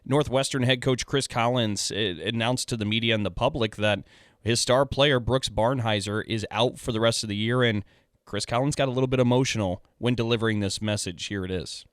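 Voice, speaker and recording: A man hosting a sports radio talk show, introducing clips in a measured way. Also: mid-range voice, fairly bright tone, dry recording, clean studio sound. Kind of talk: scripted sports talk segment.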